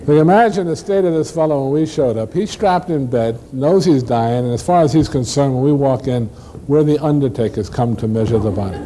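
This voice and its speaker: A man performing a one-man stage play, telling a first-person story with dramatic pauses and shifts in pace. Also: medium pitch, dark tone, a little hiss or hum, rough recording.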